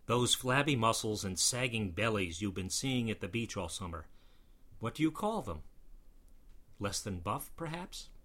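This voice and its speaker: A man with a fairly low voice narrates a scripted lesson on how words are pronounced. His pitch rises and falls freely as he leans hard on the words he is explaining. His delivery has a dry, wry humor. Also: a bit bright. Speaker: pronunciation lecturer.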